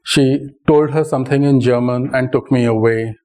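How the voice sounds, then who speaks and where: A man with an Indian English accent, speaking in a mellow, warm tone at a middle pitch. He lectures as a psychologist, weaving a personal story into the talk. He checks in with his listeners in a relaxed, conversational way. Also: normal speed. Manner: conversational, seeks assent with "right?".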